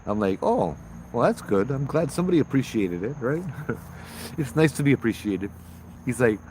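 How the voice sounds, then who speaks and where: A man, casually telling ghost stories on a livestream outdoors at night, chatty and relaxed, greeting viewers and laughing often. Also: mid-range voice, normal speed, slight background noise. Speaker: ghost-story livestream host and former tour guide. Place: outdoors at night with bugs around.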